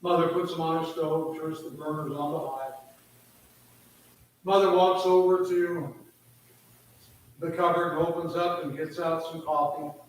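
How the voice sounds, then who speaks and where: A man, a church minister, preaching a sermon as he tells an illustrative story with drawn-out pauses. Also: fairly high pitch, fairly even intonation, slight background noise.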